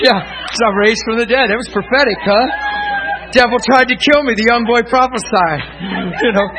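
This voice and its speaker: High-voiced man preaching with laughing stories. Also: a little slow, poor audio. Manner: laughing, lively anecdotes, swings from hushed to loud. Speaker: pastor. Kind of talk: sermon storytelling. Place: church pulpit.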